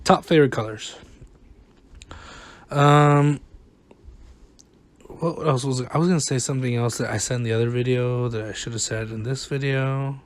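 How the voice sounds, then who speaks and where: A man's voice: mid-range voice, fairly even intonation, moderate pace, pauses often. A man giving rambling, exasperated, self-mocking commentary over a game. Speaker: gaming vlogger. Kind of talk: casual gameplay commentary. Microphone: close desk mic, no camera.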